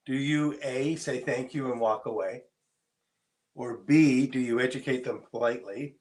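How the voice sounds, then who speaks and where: Podcast co-host, man, medium voice, easygoing, quick to laugh. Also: medium pitch, a little mellow. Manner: reads out quiz scenarios, laughs easily. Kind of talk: casual podcast chat.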